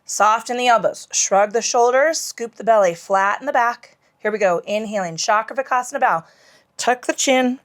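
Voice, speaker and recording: A woman's voice: on the high side, moderate pace. Woman teaching yoga, profane and ranting. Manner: profane, ranting, cues moves between tangents; cues some moves in a whisper. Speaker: yoga instructor. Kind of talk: casual guided yoga class.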